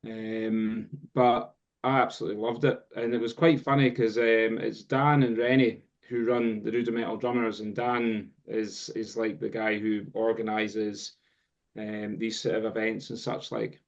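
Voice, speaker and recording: A man's voice: on the low side, level tone, unhurried, vocal fry. Scottish guy rambling thru a story, lots of ums, kinda muffled lo-fi audio. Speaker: guest drum teacher. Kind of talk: casual chat. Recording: dull lo-fi sound.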